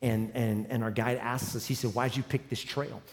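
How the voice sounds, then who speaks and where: A man in his forties preaching a sermon, telling a humorous personal story and building to loud, emphatic runs. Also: medium pitch, flat delivery, normal speed. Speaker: pastor. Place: large church hall with live audience. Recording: long hall reverb.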